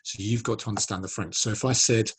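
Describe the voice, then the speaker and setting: A man's voice: lowish voice, steady tone, fast, slightly rough. A man in his forties teaching a French lesson to children, patiently drilling pronunciation and encouraging them to repeat. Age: 40s.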